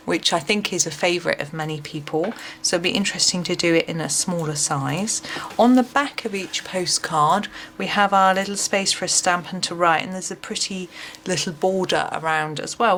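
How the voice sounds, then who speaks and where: A woman giving a casual, chatty flip-through of a book, often pausing with um and uh. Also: fairly low pitch, a bit bright, a little hiss or hum. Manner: chatty, with frequent ums and uhs. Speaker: craft book reviewer.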